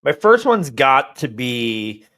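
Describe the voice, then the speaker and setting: A man's voice: medium pitch, big pitch swings, takes it slowly, a bit bright. A man in his forties, a podcast co-host, ranting profanely and animatedly in casual chat. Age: 40s.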